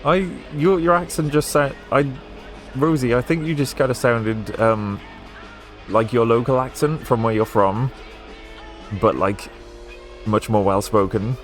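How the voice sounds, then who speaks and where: A man's voice: mid-range voice, a little slow, pauses often, faint music behind. A young man with a posh British accent, chatting casually and rambling with fillers while he plays through a racing game on stream. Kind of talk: casual gameplay stream chat.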